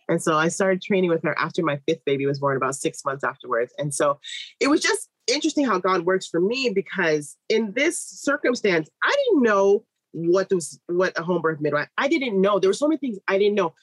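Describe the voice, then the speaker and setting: A woman in her thirties tells a long personal story in an interview, slipping into other people's voices as she goes. Her voice is slightly husky, and the sound is close and dry with no room around it. She speaks as a midwife. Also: on the low side, brisk, no room sound, rough recording. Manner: lively, animated storytelling with quoted voices.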